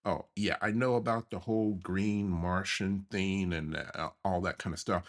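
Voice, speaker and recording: A man from the USA, hosting a podcast, telling a childhood memory in an animated way and chuckling as he goes. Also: sits low, moderate pace. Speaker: podcast host. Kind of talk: memoir storytelling podcast.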